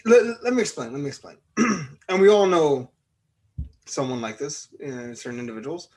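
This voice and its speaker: A man's voice: fairly high pitch, lively intonation, normal speed, a little mellow. A man co-hosting a podcast, chatting casually and ranting with a lot of swearing. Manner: profane, ranting, jokey. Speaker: podcast co-host.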